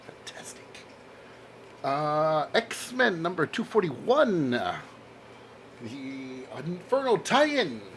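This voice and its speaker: This vlogger's voice is a little high and a bit bright, and he speaks very slowly but with great animation. He chats casually while presenting his comic book haul, excitedly exclaiming over the covers and laughing at his own jokes. Slight background noise is audible.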